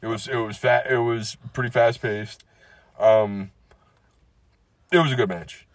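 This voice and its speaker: A man co-hosting a podcast in casual, joking chat, teasing his friend with quick wisecracks. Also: medium pitch, steady tone. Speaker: podcast co-host.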